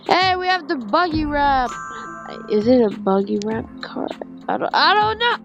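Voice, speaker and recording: A woman's voice: sits high, a little slow, muffled recording. A young woman rambling through a casual review of phone games as she plays them. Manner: rambling, animated, talks while playing on her phone. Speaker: game reviewer. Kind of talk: casual game review commentary. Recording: music playing behind.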